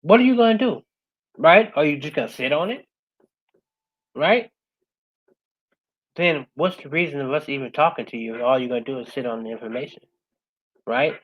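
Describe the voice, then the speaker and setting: A woman speaking as a guest, giving a passionate motivational talk. She keeps asking "right?" and swings from loud urging to a soft, quiet close. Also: expressive, normal speed, long pauses, narrow, tinny audio. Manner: passionate, repeats "right?" after most points; swings between loud urging and soft, low-key closing.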